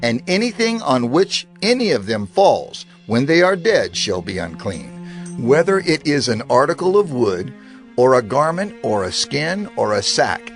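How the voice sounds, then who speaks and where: Expressive male scripture narrator. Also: mid-range voice.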